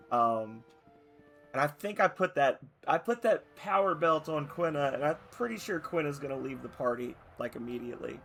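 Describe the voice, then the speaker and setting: A man's voice: on the high side, expressive, moderate pace, vocal fry, a bit bright, faint music behind. A man casually commenting on a video game, reading its dialogue aloud and making chatty, wry asides. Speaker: let's play host.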